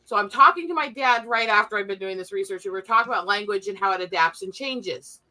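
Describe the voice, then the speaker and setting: Bright, laughing woman telling stories. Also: mid-range voice, lively intonation, quick pace. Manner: storytelling, laughs often, swears freely. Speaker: podcast co-host. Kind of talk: casual chat on a livestream.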